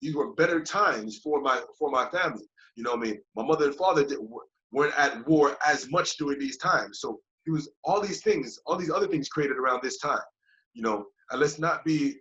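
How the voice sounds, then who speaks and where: A man guest chatting casually and reflectively, looping back with "you know what I mean" and acting out his old thoughts in quoted voices. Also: fairly high pitch. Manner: loose and repetitive, often asks "you know what I mean"; acts out his own past thoughts in lively quoted voices. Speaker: podcast guest, yoga teacher. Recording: dull lo-fi podcast recording.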